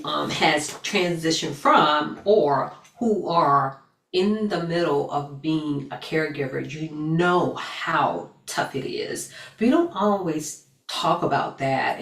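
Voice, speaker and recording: A woman's voice: low-pitched, creaky, echoey room, distant mic. A woman who founded a self-care academy, giving an earnest motivational talk and repeating phrases for emphasis.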